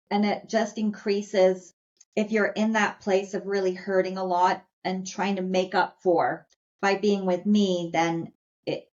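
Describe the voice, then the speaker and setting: A woman voicing a sweet, sensitive young male dog, speaking in a gentle, earnest, halting way. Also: medium pitch, lightly acted. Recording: slightly dull lo-fi audio.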